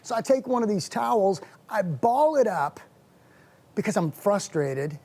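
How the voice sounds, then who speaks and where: A man hosting a wellness show, telling a story about his morning in a casual, animated and self-mocking way. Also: high voice, measured pace, slightly rough.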